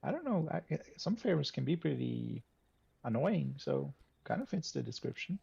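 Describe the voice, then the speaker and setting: A man playing a tabletop game, hesitant and thinking aloud, with a raspy voice. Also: a little high, very animated, moderate pace, dark tone. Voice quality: gravelly, raspy. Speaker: player. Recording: dull lo-fi mic.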